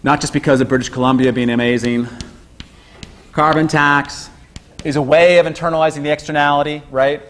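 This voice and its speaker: A man giving an informal university lecture, chatty and animated, who breaks into high-pitched exclamations when acting out what people say. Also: fairly quick, slight background noise.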